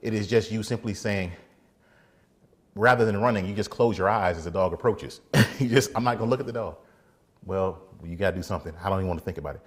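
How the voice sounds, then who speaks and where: A man, a defense attorney, giving a casual motivational faith talk, animated, laughing often and acting out little scenes. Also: low voice, quick pace.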